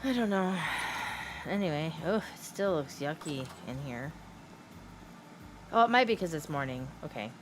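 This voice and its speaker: A woman's voice: low-pitched, animated, normal speed, pauses often, background noise. A middle-aged woman streaming a game, chatting casually and telling stories, giggling often and swearing now and then. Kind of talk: casual livestream chat while playing.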